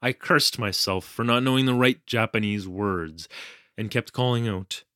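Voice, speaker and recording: A man's voice: lowish voice, normal speed, bright, forceful tone, no room sound, clean studio sound. An actor playing a flustered young male English teacher in Japan, telling his ordeal in a wry, self-deprecating way. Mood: recounting. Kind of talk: audio drama storytelling narration.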